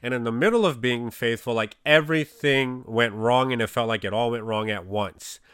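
Smooth-voiced man giving a rambling testimony. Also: mid-range voice, moderate pace, fairly bright tone, no room sound. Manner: rambling, heavy on "you know, like" fillers. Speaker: Christian speaker. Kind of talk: casual faith testimony.

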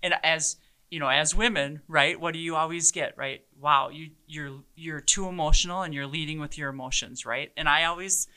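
A woman in her forties, a police chief, telling stories in a passionate, animated way during an interview. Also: low voice, normal speed, smooth. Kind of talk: conversational interview.

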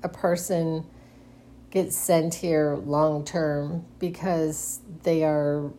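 A woman's voice: deep voice, fairly even intonation, extremely slow, dark tone, a little hiss or hum. A middle-aged woman hosting a casual solo monologue, speaking hesitantly with frequent restarts and nervous giggles. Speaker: podcast host.

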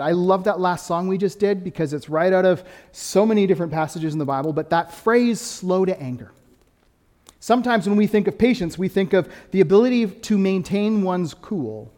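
A pastor preaching a sermon, lively and conversational, swinging between quick, louder stretches and soft, dropped emphasis. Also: male voice, high voice, big-room sound. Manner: animated preaching, rising and dropping to quiet emphasis.

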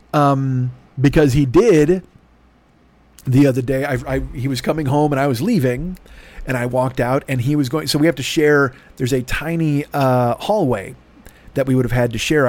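A man's voice: medium pitch, moderate pace, a little mellow. A middle-aged man hosting a show, telling a long story in a rambling, sardonic way with lots of swearing. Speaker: podcast host. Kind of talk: casual profane monologue.

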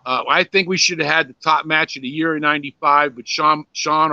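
A man's voice: fairly high pitch, fairly even intonation, fairly quick, bright, forceful tone, no room sound. An older man, a former pro wrestler, telling rambling, profane stories in a casual interview, full of "you know"s and restarts. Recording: dry, slightly dull lo-fi sound.

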